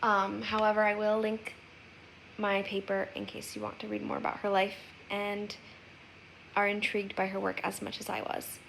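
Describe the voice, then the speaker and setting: A woman's voice: medium pitch, completely flat delivery, normal speed, gravelly, a bit bright, a little hiss or hum, low-quality recording. A young woman giving an earnest class oral presentation as a student, reading a poem aloud and reflecting on it. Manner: earnest, reflective, with occasional fillers.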